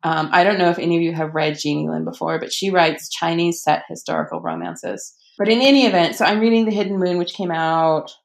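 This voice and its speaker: A woman author chats casually about what she is reading. Her voice sits a little low, and she fills the gaps with ums while acting out quotes with animation. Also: a little fast, creaky, hardly any pauses. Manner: chatty, many fillers, animated quoting. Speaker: author guest. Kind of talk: casual podcast conversation.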